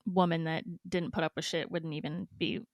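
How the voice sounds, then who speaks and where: A woman's voice: level tone, moderate pace, dry recording. A young woman co-hosting a podcast in casual chat, blunt and swearing, reading out listener stories. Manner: blunt, swears, mimics people in a high voice. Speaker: podcast co-host.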